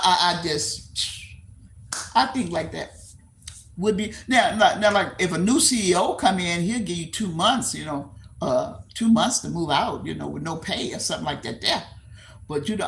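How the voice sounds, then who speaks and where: A woman's voice: lowish voice, a bit bright, slight background noise. An older woman from Texas with a Texan accent, hosting a livestream and chatting with her viewers. She rambles, repeats herself, laughs easily and answers comments aloud. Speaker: livestream host. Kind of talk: casual chat with live viewers.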